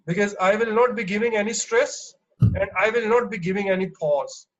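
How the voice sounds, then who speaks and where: Teaching an online exam-prep lesson, this English teacher speaks in a high voice and explains things slowly, using plenty of fillers and restarting often. The recording has its highs cut off.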